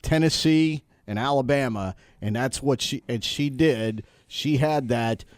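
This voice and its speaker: Dry-voiced radio host, playful. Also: male voice, medium pitch, a little slow, dry recording. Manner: playful, hesitant, theatrical comparisons. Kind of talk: casual radio banter.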